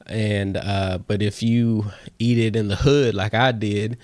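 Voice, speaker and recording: A man's voice: lowish voice, fairly even intonation, slow, a little mellow, no room sound. A man hosting a casual solo podcast, talking playfully and slipping into a radio DJ countdown voice. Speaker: podcast host.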